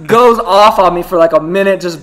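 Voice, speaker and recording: Fast-talking young man hosting a podcast. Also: high voice. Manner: animated, fast-talking, lots of "right?" and "like". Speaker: podcast host. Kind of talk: casual storytelling chat.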